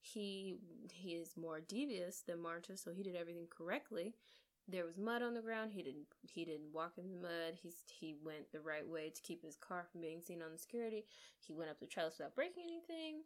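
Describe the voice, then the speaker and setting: A woman co-hosting a podcast, eagerly retelling a film plot in casual chat with quick asides. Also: on the low side, expressive. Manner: enthusiastic, gushing storyteller with quick asides. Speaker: podcast co-host. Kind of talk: casual movie recap.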